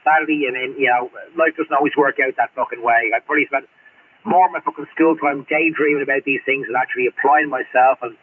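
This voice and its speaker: A man's voice: mid-range voice, a little hiss or hum. Swearing Australian man over CB radio. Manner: rambling, swears constantly, blunt. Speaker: CB radio operator. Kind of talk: casual radio chat. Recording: tinny radio transmission.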